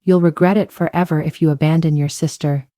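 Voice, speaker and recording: A woman's voice: low voice, steady tone, a little fast, mellow, no room sound, clean studio sound, lightly acted. A woman voicing a manipulative mother who guilt-trips her daughter. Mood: guilt-tripping.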